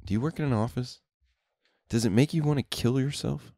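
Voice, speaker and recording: A man's voice: medium pitch, fairly quick, mellow, dry recording, clean studio sound. A young man, hosting a podcast and telling profane, laid-back stories in casual chat. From Houston, Texas. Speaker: podcast host.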